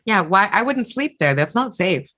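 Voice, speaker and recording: A woman co-hosting a podcast who chats casually, joking and reacting quickly. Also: mid-range voice, very animated, fairly bright tone. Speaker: podcast co-host. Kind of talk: casual chat.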